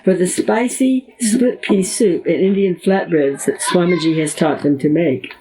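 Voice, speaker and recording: A woman in her seventies gives a lecture, reading from a memoir about her own life and breaking off to add her own memories in a measured storytelling way. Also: fairly low pitch. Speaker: guest speaker giving a lecture. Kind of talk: reading aloud from a memoir, with personal asides. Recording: audible background noise.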